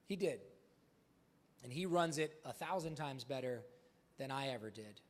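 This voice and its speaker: A man's voice: medium pitch, animated, moderate pace. A man speaking as a motivational speaker at a live event, telling candid stories casually, swearing freely and acting out the dialogue. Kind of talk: live storytelling talk.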